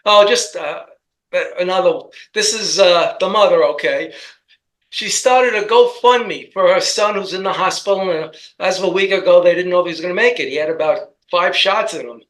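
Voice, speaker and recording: A man co-hosting a casual commentary chat, talking in a rambling, halting way with many restarts. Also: sits high, fairly bright tone, poor audio. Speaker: co-host.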